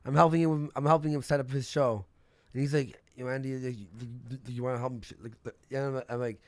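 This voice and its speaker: A man's voice: medium pitch, fairly even intonation, quick pace, darkish tone, no room sound. A young man hosting a casual livestream, telling rambling gossip stories with lots of swearing and laughter. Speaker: streamer host.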